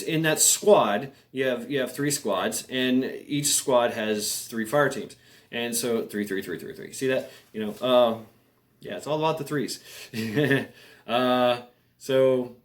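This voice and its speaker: A middle-aged man telling an army story in a casual, halting way, with many fillers and restarts and frequent chuckles. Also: mid-range voice. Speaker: military veteran storyteller. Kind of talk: casual spoken anecdote.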